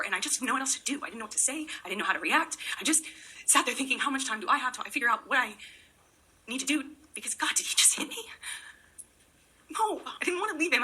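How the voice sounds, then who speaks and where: A woman giving courtroom testimony in a quiet, emotional way, halting and restarting her sentences, sometimes dropping to a whisper. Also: a little high, breathy edge, poor audio. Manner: halting, with many restarts and repeated words.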